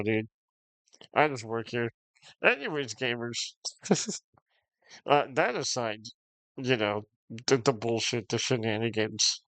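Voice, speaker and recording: A man's voice: medium pitch, fairly bright tone, no echo. A man streaming games, ranting casually to his chat, swearing often, frustrated, and breaking into short laughs. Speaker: game streamer.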